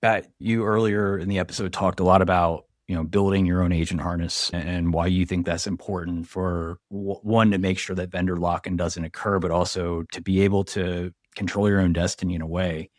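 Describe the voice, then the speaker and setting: A man co-hosting a podcast, asking rambling, halting questions. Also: low voice, little pitch movement, no echo, clean studio sound. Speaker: podcast co-host. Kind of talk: casual chat.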